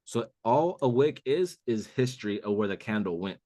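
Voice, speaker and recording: This male trading mentor walks listeners through a chart on a live call, keeping it casual and saying "bro" constantly. He speaks at a moderate pace in a warm, mid-range voice with lively intonation, captured as clean studio sound with no echo.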